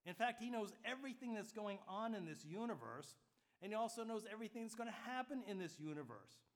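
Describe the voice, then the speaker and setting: A man with a notably high voice delivers a sermon. His preaching is relaxed and conversational, with frequent check-ins with the listeners and touches of gentle humor. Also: quick pace. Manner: light humor woven into teaching. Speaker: pastor.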